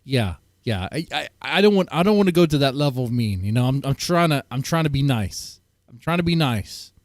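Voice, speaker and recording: A man's voice: medium pitch, expressive, brisk, dry recording, studio quality. A man streaming casually, reacting to clips in a blunt, rambling way and often breaking off mid-sentence. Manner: blunt, rambling, self-interrupting. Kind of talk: casual chat.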